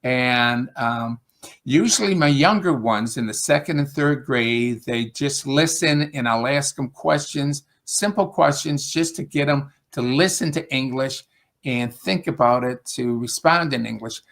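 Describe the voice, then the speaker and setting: His mid-range voice is fairly bright, with vocal fry and a measured pace. Speaking with an upstate New York accent, he rambles casually on a video call about teaching English, full of fillers and restarts.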